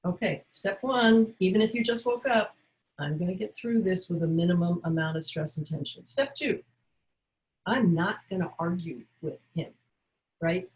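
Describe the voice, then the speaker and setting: A woman's voice: fairly low pitch, moderate pace, low-quality recording. A woman teaching caregivers, coaching them and acting out short dialogue examples. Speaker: caregiving educator. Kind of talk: instructional talk.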